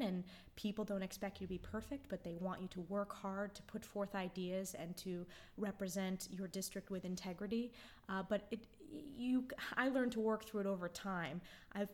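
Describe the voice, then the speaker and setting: An American woman in her thirties, a member of Congress, answering interview questions in an earnest, reflective way with frequent ums and restarts. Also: mid-range voice. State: choked up. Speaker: congresswoman guest.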